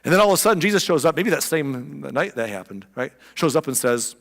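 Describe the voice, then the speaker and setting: A man's voice: on the high side, animated, a little fast, vocal fry, few pauses, fairly bright tone, big-room sound. A male pastor preaching a sermon in a church, conversational and emphatic.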